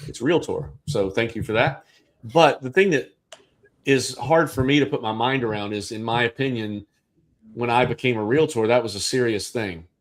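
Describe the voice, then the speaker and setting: A man's voice: mid-range voice, normal speed. Man hosting a real estate chat. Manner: conversational, thinks aloud with restarts. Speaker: real estate agent and livestream host. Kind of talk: casual livestream discussion.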